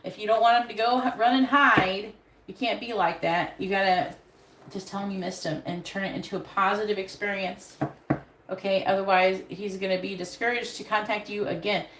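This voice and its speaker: During a live tarot session, a woman offers frank, profanity-laden advice. Her medium-pitched voice keeps fairly even intonation at a moderate pace, recorded in an echoey space with faint background noise.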